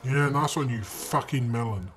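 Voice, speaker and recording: A young man with a mid-range voice narrates his own gameplay footage at a moderate pace. He's a gaming video creator, exasperated and swearing nonstop as he insults himself.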